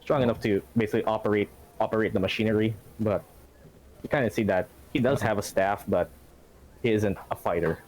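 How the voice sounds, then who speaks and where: A man's voice: fairly low pitch, a little fast, a little mellow, poor audio. A man narrating a tabletop game as game master, rambling with many fillers and laughing often.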